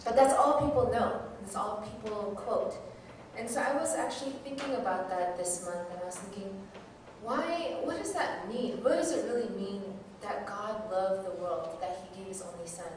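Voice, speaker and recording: A woman's voice: mid-range voice, moderate pace. Woman, teacher, candid self-deprecating testimony, very echoey hall, faint room noise. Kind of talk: personal testimony sermon. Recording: very echoey hall, mic far off.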